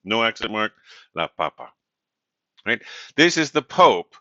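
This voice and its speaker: A man teaching a university Spanish class in a relaxed, conversational way, often checking in with "right?". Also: on the low side, normal speed, no room sound. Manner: relaxed and conversational, many fillers and "right?" tag questions. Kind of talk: recorded lecture. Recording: dull, dry lo-fi audio.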